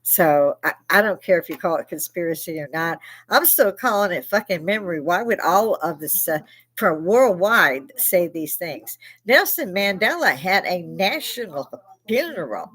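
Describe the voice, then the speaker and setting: A woman's voice: on the low side, expressive, normal speed, fairly bright tone, husky. A woman in her sixties, a live-stream host, telling rambling stories in a blunt, profane way and laughing often. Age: 60s. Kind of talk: casual chat.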